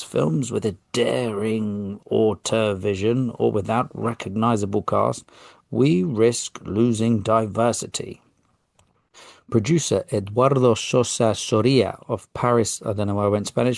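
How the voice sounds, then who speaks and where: A man's voice: medium pitch, creaky, a little mellow, dry recording, clean studio sound. A man with a British accent hosting a podcast, reading news articles aloud and adding casual, self-deprecating commentary, tripping over foreign names. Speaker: podcast host.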